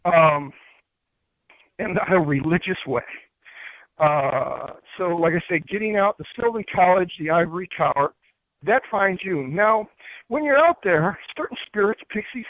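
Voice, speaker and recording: A man from upstate New York teaches about crystals and spirits in loose, earnest talk. He keeps stopping to restart his sentences and drops in filler words. His voice sits high and comes through dry and tinny, like a phone line. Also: lively intonation, a little slow, dry recording.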